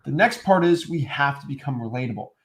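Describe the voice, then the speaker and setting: A man's voice: medium pitch, animated, fairly quick, a bit bright. A man co-hosting a real estate training, talking in a loose, casual way with lots of fillers and restarts. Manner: loose and chatty, heavy on "like" and restarts, mimics stiff salesy voices. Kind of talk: casual coaching chat.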